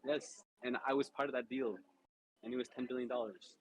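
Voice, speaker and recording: A man's voice: mid-range voice, fairly even intonation, brisk, low-quality recording. A young man co-hosting a podcast, brash and boastful in joking banter. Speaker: co-host. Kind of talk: casual banter.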